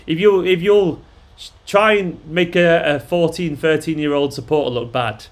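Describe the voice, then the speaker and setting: A man's voice: fairly high pitch, moderate pace. Bloke chatting on his stream, sweary, rambly, lots of ums. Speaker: fan channel host. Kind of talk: casual live-stream chat.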